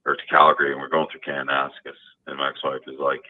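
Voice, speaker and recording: A man's voice: extremely low pitch, monotone, quick pace. A man calling in to a talk show, telling a personal story in a rambling way, full of fillers and restarts. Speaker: caller. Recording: tinny phone line.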